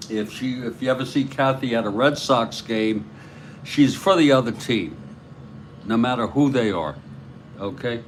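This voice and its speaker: A man from New York with a New York accent, calling a tabletop baseball replay in a slow, rambling way and chatting with viewers between plays. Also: mid-range voice, slight background noise. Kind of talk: play-by-play of a board game with chat.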